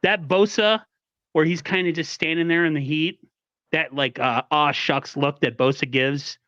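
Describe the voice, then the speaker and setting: A male podcast co-host rants about his team, heated and profane. His voice is slightly high, heard through a dull, lo-fi connection with no room sound. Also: steady tone, moderate pace, a bit bright, no room sound. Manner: fired up, profane. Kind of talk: casual sports podcast chat.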